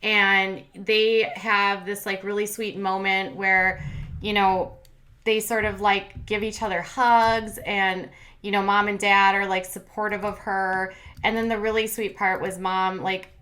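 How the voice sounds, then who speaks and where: A woman with a bright, ringing voice talks through a reality show recap in a loose, chatty way. She retells scenes and quotes, full of "like" and "um". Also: mid-range voice. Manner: chatty, lots of fillers and retold quotes. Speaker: commentary channel host. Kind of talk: casual recap commentary.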